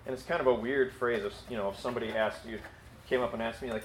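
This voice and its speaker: A man's voice: medium pitch, fairly even intonation, fast, roomy sound, a little hiss or hum. A man preaching a conversational sermon, acting out dialogue and using frequent fillers. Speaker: pastor.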